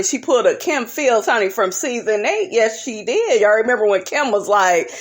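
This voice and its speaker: A woman's voice: normal speed, few pauses. A young woman recapping reality TV in a sassy, profane, casual vlog style. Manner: sassy, profane, animated with big pitch jumps.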